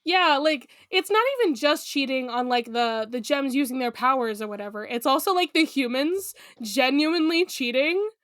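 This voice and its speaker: A woman's voice: high voice, moderate pace, few pauses, fairly bright tone, no echo, clean studio sound. A woman co-hosting a podcast episode recap in casual, giggly chat full of fillers. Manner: chatty, giggly, lots of fillers. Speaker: podcast co-host.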